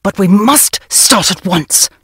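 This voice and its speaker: A woman reading an audiobook, voicing an absent-minded, pedantic elderly male scholar who lectures and gently reproaches. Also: medium pitch, lively intonation, takes it slowly, slightly rough, no echo, clean studio sound, heavily acted. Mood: lecturing. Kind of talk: audiobook character voice.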